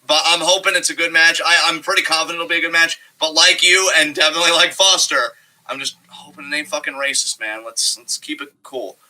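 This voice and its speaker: A man co-hosting a wrestling review show, chatting casually, excitable and profane, often breaking into laughter. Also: fairly high pitch, fairly quick, rough recording. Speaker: podcast co-host.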